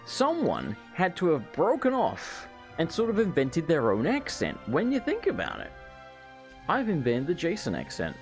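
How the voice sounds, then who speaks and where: Rambling, sweary English let's player. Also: male voice, on the high side, wildly swooping pitch, normal speed, soft background music. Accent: English, self-described as unusual. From England. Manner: rambling, joking, sweary banter. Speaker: gameplay commentator. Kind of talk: casual let's play commentary.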